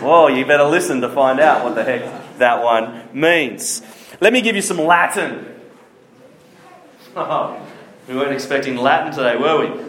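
A man's voice: fairly high pitch, unhurried, fairly bright tone. A man giving a casual, jokey church talk and asking the room questions. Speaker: youth speaker. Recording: echoey hall.

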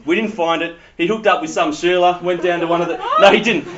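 Animated preacher, higher voice. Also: male voice, fast talker, a crowd in the background. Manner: animated, humorous storytelling. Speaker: pastor. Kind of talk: sermon. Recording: dull lo-fi sound.

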